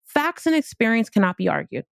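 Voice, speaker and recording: Animated, slangy woman telling a story. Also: a little high, a little fast, gravelly, no echo, studio quality. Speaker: podcast host and business speaker. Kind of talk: storytelling motivational talk.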